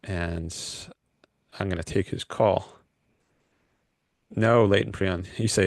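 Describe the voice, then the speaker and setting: A man's voice: sits low, steady tone, slow pace, no room sound, studio quality. A man hosting a call-in livestream, rambling and hesitant with lots of fillers. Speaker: livestream host taking calls. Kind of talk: casual livestream chat.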